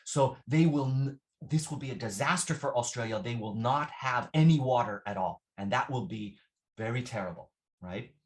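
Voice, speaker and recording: Male English teacher, mid pitch, patient explainer, repeats himself, checks in with "right?". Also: moderate pace. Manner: patient, repeats phrases, asks "right?" often. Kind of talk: classroom vocabulary lesson.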